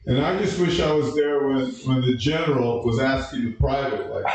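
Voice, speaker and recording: A man doing an open-mic stand-up set, halting with lots of uh and restarts. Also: mid-range voice, a little mellow, recorded from a distance. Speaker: stand-up comedian. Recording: echoey room from a live mic.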